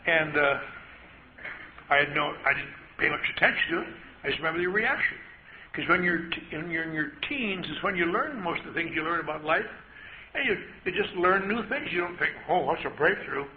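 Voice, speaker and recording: An older man holds forth at a recovery meeting, spinning wry, self-deprecating tales and slipping into the voices of the people in them. His voice sits a little high for a man. The live recording is muffled and carries steady hiss. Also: a little fast. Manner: wry, self-mocking storyteller, acts out voices. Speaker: AA speaker. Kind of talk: storytelling talk to an audience. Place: large meeting hall. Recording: dull lo-fi live tape with hiss.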